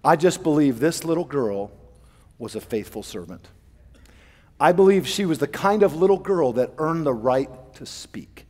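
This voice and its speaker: A male pastor preaching a sermon, fervent and with dramatic swings between soft and loud. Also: fairly high pitch, lively intonation, moderate pace. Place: large church sanctuary. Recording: long church reverb.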